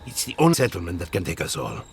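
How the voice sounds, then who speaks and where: A man's voice: low voice, huge pitch swings, fast talker, creaky, slight background noise, exaggerated voice. An actor voicing a wry, skeptical man who gives practical advice in a video game.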